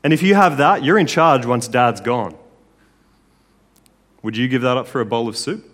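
Male Bible teacher, casual and joking storyteller, mid-pitched voice with a long hall echo. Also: normal speed. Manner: chatty, joking, lively storytelling.

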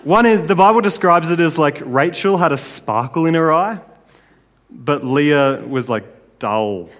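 A man's voice: fairly high pitch, expressive, measured pace, a bit bright. Casual male preacher in a reverberant hall. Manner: casual, conversational, with tag questions. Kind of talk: sermon.

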